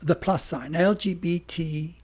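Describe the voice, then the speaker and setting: A man talking as a podcast guest in casual interview talk, hoarse and losing his voice, rambling with emphatic restarts. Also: fairly high pitch, measured pace, a little mellow.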